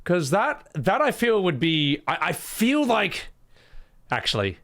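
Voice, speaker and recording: Animated male game streamer. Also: high-pitched, takes it slowly. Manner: animated, laughing, profane and rambling. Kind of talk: live game reaction commentary.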